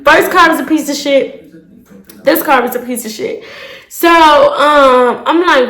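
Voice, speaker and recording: A young woman telling a storytime to her viewers in a casual, animated way, cursing freely and calling them y'all. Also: sits high, measured pace, roomy sound. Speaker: storytime vlogger.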